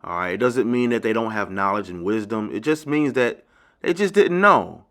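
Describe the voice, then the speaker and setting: Emphatic man giving a lively lesson. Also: on the low side, moderate pace. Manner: emphatic and insistent, repeating key phrases; addresses viewers directly as ladies and gentlemen. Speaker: teacher and channel host. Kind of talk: lecture-style video lesson.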